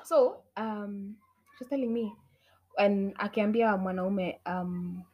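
A young adult woman, ranting her opinions in casual talk. She swears freely, mixes in Swahili, and swings between loud outbursts and low muttered asides. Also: steady tone, slow, slight background noise. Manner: outspoken, swears a lot, switches between English and Swahili. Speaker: vlogger.

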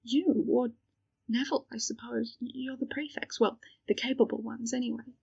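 A woman voicing a loyal, admiring young witch who speaks earnestly and softly, on a dull lo-fi home recording. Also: a little high, fairly even intonation, normal speed, vocal fry, slightly rough, dry recording, voice pushed up. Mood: hopeful.

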